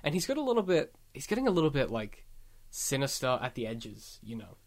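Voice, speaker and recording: A co-host of a casual podcast, talking loosely and profanely about a TV episode. The talk rambles, with quick mocking impressions of the characters dropped in along the way. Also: mid-range voice, big pitch swings. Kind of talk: casual chat reviewing a TV episode.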